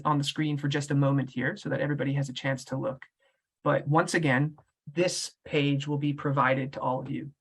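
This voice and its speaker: A man's voice: a little high, fairly bright tone. A man presenting an English course webinar in a casual, chatty way, often checking in with "right?".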